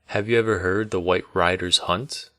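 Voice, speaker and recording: Calm serious innkeeper, low bright voice, dry sound, read by a man. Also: moderate pace, no room sound. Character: calm red-haired male innkeeper.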